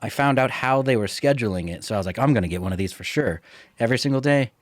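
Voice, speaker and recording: A man's voice: mid-range voice, lively intonation, fast talker, no echo. Laid-back man, dry close sound. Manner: laid-back, laughs often, tells stories about past work. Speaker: podcast co-host. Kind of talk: casual chat.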